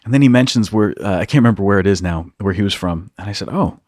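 Low-voiced priest telling a lively story. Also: male voice, fast talker, dry recording, clean studio sound. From United States, East Coast. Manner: animated storyteller, acts out quotes, laughs often. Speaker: priest and podcast host. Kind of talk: storytelling in casual conversation.

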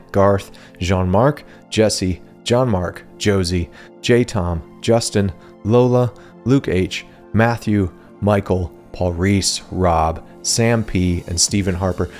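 A man's voice: deep voice, a little mellow. A man hosting his own podcast, talking casually and animatedly and laughing at himself now and then. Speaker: podcast host. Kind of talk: casual solo podcast talk.

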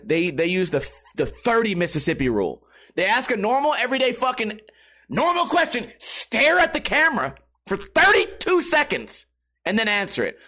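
A man ranting casually to his viewers, swearing often and rambling with restarts. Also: a little high. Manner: profane, animated, rambling with restarts. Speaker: talker addressing viewers.

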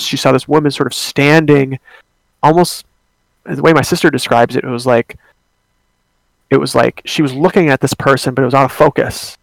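A man's voice: mid-range voice, creaky, a bit bright, dry recording. A young man telling a personal ghost story in a casual, rambling way, with many fillers and restarts.

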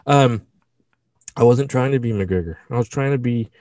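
Animated, swearing podcast co-host man. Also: mid-range voice, normal speed, dry recording. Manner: animated, profane, jokey. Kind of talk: casual podcast chat.

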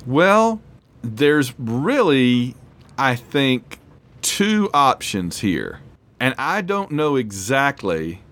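A man's voice: medium pitch, very animated, extremely slow, fairly bright tone. A man hosting a casual trivia quiz, rambling and self-deprecating as he reads questions and reacts. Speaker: quiz host.

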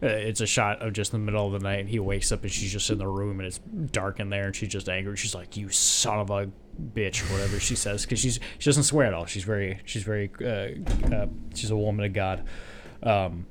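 A young man animatedly retelling a movie's plot, slipping into quick impressions of its characters. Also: fairly low pitch, slight background noise. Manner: animated storyteller, mimics characters. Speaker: podcast co-host. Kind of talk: casual movie discussion.

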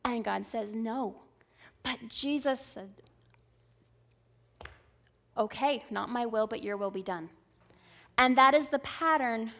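A woman in her thirties delivers a sermon with a slightly high voice. She preaches in an earnest, conversational way and keeps checking in with the listeners. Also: slow, vocal fry, long pauses, fairly bright tone. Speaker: speaker at a church service.

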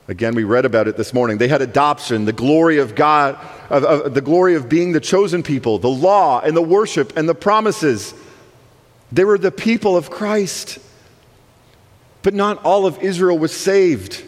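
Emphatic male preacher in a reverberant church. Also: a little high. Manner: emphatic, swinging between soaring and hushed delivery. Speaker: guest preacher. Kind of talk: sermon. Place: church sanctuary. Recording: long reverb of a church hall.

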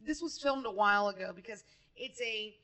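Bright animated woman podcaster. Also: medium pitch, fairly quick. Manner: animated, laughs easily. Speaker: podcast co-host. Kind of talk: casual movie discussion.

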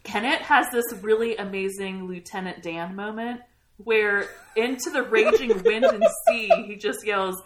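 A woman telling a story in a casual, animated way, swearing often and laughing at the funny parts. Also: medium pitch, unhurried, noisy background. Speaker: podcast host recapping a book. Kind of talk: casual chat.

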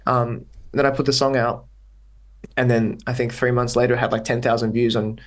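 A man's voice: medium pitch, flat delivery, brisk. A young Australian man with an Australian accent, guesting on a podcast and chatting in a rambling, upbeat way full of fillers. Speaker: guest musician. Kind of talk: casual podcast chat.

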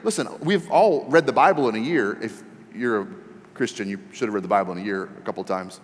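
A man preaching a sermon as pastor, animated and joking, building to emphatic questions. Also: on the low side, brisk. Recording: long hall reverb.

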